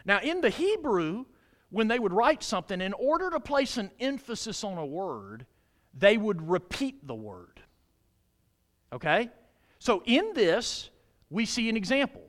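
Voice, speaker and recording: Here a male pastor delivers a church sermon at a measured pace, his high voice ranging widely up and down. He builds to forceful highs, then falls to a low hush, repeatedly putting questions to the people in the pews.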